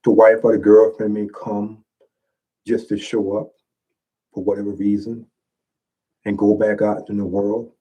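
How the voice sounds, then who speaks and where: Earnest husky-voiced man, low and mellow. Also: level tone, a little slow, long pauses, low-quality recording. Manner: earnest, preacher-like rhetorical questions. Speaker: author discussing his own book. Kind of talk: reading and reflecting on his writing.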